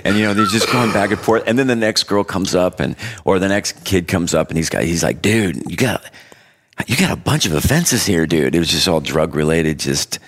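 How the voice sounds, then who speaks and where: A man in casual chat, telling stories with frequent laughter and quick impressions of the people he describes. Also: low voice, a bit bright. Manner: storytelling, laughs often, imitates people he quotes.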